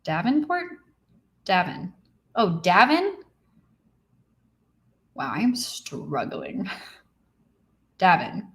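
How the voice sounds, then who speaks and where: A young woman hosting a writing livestream alone in her apartment, chatting casually and reading viewer comments aloud, a little tired and low on energy. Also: huge pitch swings, extremely slow, pauses often. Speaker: livestream host. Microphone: computer mic.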